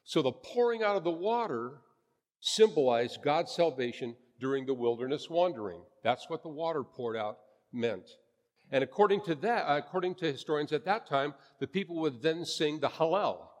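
A man's voice: fairly high pitch, lively intonation, moderate pace, in a large hall. A man preaching a sermon as a pastor, earnest and emphatic, repeating his phrases for weight.

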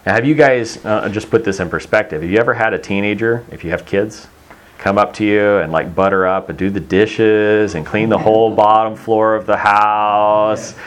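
Man, middle-aged, low-pitched, preaching in a chatty storytelling way. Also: fairly even intonation, normal speed. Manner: conversational storytelling, acts out quoted voices. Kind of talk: sermon.

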